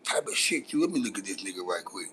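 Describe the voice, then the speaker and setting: A man's voice: low voice, very animated, fast talker, fairly bright tone, husky. A man with a Los Angeles accent hosting a casual live-stream chat, teasing his viewers in brash, profane banter. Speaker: host.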